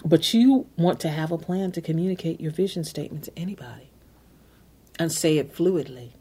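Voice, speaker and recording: A woman's voice: sits low, dark tone, breathy edge. A woman hosting a self-help podcast, coaching listeners step by step and repeating key phrases. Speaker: podcast host. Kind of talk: motivational self-help talk.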